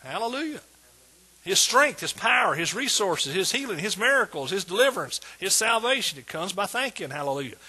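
A pastor with a husky, bright-edged tenor delivers an emphatic sermon. He drives his points home word by word, his voice rising slightly above the usual male range as he builds toward praise. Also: high-pitched, big pitch swings, brisk. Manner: emphatic preaching, repeats words with rising intensity.

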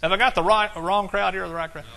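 Bright-voiced East Texas preacher. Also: male voice, high-pitched, steady tone, fast talker, gravelly. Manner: folksy, exclaiming, quoting scripture in King James style. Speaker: pastor. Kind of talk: sermon.

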